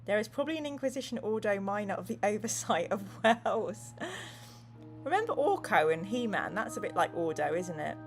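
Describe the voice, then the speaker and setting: The gamebook host speaks briskly in a sing-song, medium-pitched voice, with soft background music playing. Chatting casually, she reads viewer comments with playful flair and narrates the tale theatrically.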